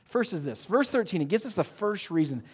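Animated male pastor preaching in a hall. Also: high-pitched, fairly quick, slightly rough. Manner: animated, emphatic, joking with the congregation. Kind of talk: sermon. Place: church sanctuary.

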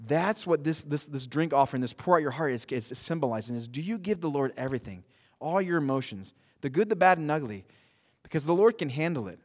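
A man preaching a sermon as pastor, animated, often restarting and repeating words, laughing now and then at his own stories. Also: on the high side, a little fast. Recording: long hall reverb.

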